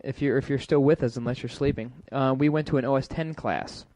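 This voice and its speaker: A man's voice: medium pitch, fairly even intonation, fairly quick, mellow, no room sound. A man co-hosting a comedy talk show, joking and rambling in a casual way. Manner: joking, rambling, puts on silly voices. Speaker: co-host.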